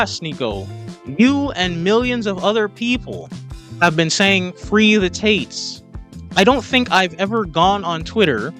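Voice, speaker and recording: Exasperated mocking male commentator. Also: high-pitched. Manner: mocking, exasperated, keeps saying calm down. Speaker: commentator reacting to clips. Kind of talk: opinion commentary.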